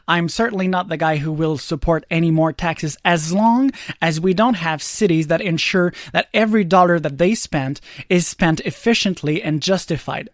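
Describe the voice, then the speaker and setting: A man from Quebec analyzing politics on talk radio, and his voice sits high for a man. He speaks in a sarcastic, emphatic way, padded with fillers. The studio sound is close and dry. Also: no echo. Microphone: radio studio mic.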